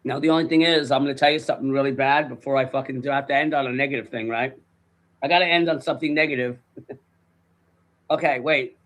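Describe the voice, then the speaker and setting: A man's voice: mid-range voice, low-quality recording. A man in casual chat, telling rambling stories full of swearing. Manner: rambling, profane storytelling; fast, animated.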